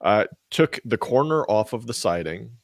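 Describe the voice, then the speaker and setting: A man's voice: lowish voice, expressive, normal speed, gravelly, no room sound. A man co-hosting a casual radio show, telling a rambling story into a studio mic. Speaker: co-host. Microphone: studio mic with ear monitors.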